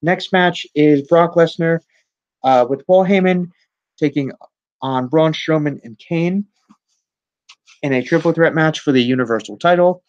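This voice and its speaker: A man's voice: a little high, measured pace, long pauses, no room sound. Rambling man recapping wrestling, muffled. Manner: rambling, many ums and self-corrections. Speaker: wrestling news host. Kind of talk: casual solo recap.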